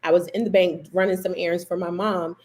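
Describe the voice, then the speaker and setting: Woman, 30s, ministry host; low-pitched, animated storyteller giving a personal testimony. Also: fairly quick. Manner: animated storyteller, acting out remembered dialogue. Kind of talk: personal testimony to a livestream audience.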